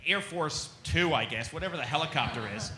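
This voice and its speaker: Man, comedian panelist, high bright voice, lively storytelling, echoey room. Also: a little fast. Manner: energetic, laughing, acts out voices. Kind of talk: animated storytelling with impressions. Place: panel on a stage before an audience.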